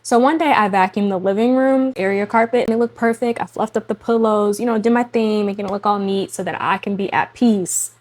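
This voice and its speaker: Chatty mom sharing faith to camera. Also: female voice, medium pitch, fairly quick, few pauses. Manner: chatty and animated, talks straight to women viewers, laughs often. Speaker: faith and lifestyle vlogger, mother. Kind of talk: casual faith talk to camera.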